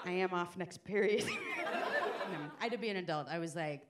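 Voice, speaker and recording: A woman's voice: fairly low pitch, normal speed, gravelly, a little hiss or hum. A woman comedian in her forties telling self-deprecating stories on stage, acting out the quotes. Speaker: stand-up comedian. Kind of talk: stand-up comedy storytelling. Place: comedy stage before a live audience. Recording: live audience laughter behind.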